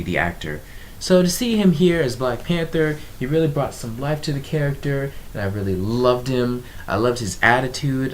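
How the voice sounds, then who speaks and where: A young man giving a casual movie review, animated and exasperated, with lots of ums and fillers. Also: medium pitch, slight background noise. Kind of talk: casual video review monologue.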